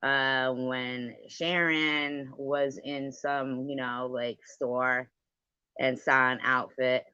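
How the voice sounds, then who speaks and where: A woman's voice: rumbling low, flat delivery, extremely slow, bright, forceful tone, smooth, no echo. A woman hosting a casual livestream, rambling and sarcastic in a gossipy, profane rant. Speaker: livestream host. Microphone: livestream setup. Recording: dull lo-fi sound.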